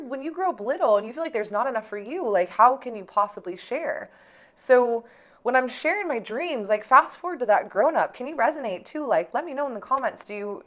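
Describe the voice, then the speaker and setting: A young woman vlogging casually about her own life, peppering her talk with "like" and swearing freely. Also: on the high side. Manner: chatty, heavy use of "like", swears freely. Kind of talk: casual personal storytelling.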